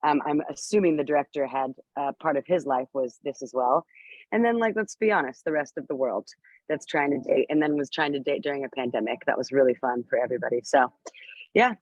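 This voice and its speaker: A woman's voice: rumbling low, a little fast, dry recording. A woman speaks over a video call that sounds dull and lo-fi in a dry, close space. She is bubbly and laughs often, and she fills her answers with "um" and "you know.". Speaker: actress guest.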